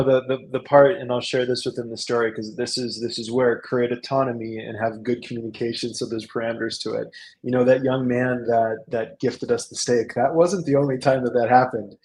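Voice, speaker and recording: A man speaking casually in a business webinar, telling stories with lively acted-out dialogue and frequent restarts. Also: mid-range voice, poor audio. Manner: animated storyteller, acts out dialogue, repeats words. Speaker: salon business coach.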